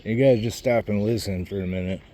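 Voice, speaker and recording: A man's voice: fairly low pitch, fairly quick, mellow, a little hiss or hum. A man vlogging while he walks outdoors, rambling and swearing a lot, losing his train of thought and a little out of breath. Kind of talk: rambling casual vlog while walking outdoors. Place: outdoors on a walk, birds around.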